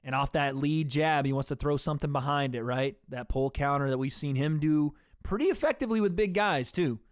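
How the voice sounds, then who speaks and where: Smooth-voiced man doing casual fight commentary. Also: a little high, brisk, dry recording, studio quality. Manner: chatty, addresses viewers as guys. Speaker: livestream host.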